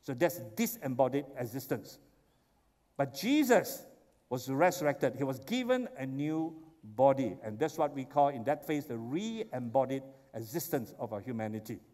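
A man preaching a sermon, telling the story with animated, excited exclamations. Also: medium pitch, normal speed. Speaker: pastor. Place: church sanctuary. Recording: long church hall reverb.

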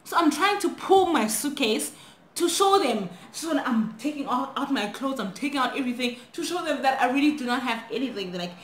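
Young woman, lively storytime vlog, higher voice, echoey room with faint hiss. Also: brisk. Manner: animated, switching languages mid-sentence. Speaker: vlogger. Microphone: phone camera.

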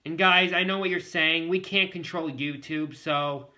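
A male vlogger with a high voice talks straight to his viewers in a loose, rambling way. He circles back over the same points again and again. His tone is strikingly bright and sharp. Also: steady tone, a little slow. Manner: rambling and repetitive, often addressing the viewers. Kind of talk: casual talk to camera.

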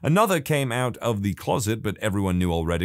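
A man with an English accent reading online stories aloud as a storytime narrator, with lively, wry asides. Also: fairly low pitch, fast, no echo, studio quality.

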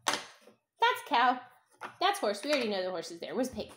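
A young woman teaching a toddler phonics at home, sounding out letters slowly in a sing-song, encouraging way. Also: a little high, very animated, noisy background. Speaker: parent teaching a child to read.

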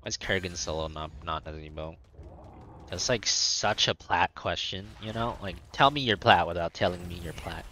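A man's voice: low-pitched, normal speed, bright, forceful tone, slight background noise. A man casually commenting while playing a game, joking with his chat. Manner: laid-back, joking, talks to chat. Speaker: streamer.

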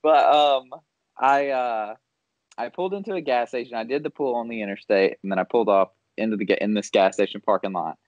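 A man of middle pitch tells a story on a podcast in a relaxed, chatty way and laughs often as he goes. The sound is dry and a bit dull, as if recorded on a modest setup. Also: a little fast, no room sound. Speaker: podcast co-host. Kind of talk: casual chat.

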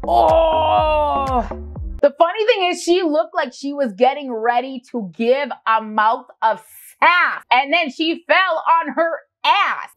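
A woman's voice: high voice, measured pace, lo-fi sound, soft background music. A woman hosting a reaction video, chatting casually, teasing and laughing a lot. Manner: animated, teasing, laughs often.

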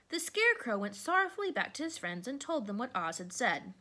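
A woman reading a children's storybook aloud with expressive delivery. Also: fairly quick, hardly any pauses. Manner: expressive, varies pitch. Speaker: narrator.

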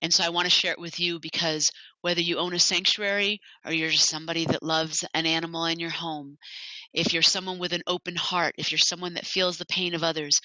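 A woman's voice: low voice, pushed and bright, dry recording. A woman who founded an animal sanctuary gives a personal talk, telling her story in an earnest, heartfelt way. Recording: dull lo-fi, dry.

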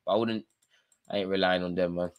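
A man's voice: sits low, steady tone, brisk, clear, resonant tone, lo-fi sound. A tired man hosting a live football watchalong, chatting through play-by-play with fan reactions. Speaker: watchalong host.

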